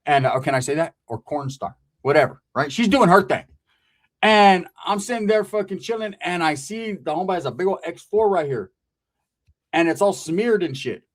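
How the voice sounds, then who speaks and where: Animated profane storytelling man. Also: high voice, moderate pace. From Merced area, California. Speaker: comedian storyteller. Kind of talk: comic storytelling.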